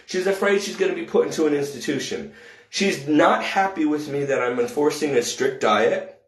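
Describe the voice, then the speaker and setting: A man venting about caring for an elderly woman, rambling in frustration, with quick rushes and slow, heavy emphasis. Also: fairly high pitch, reverberant. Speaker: caregiver telling his story. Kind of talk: emotional personal vlog rant.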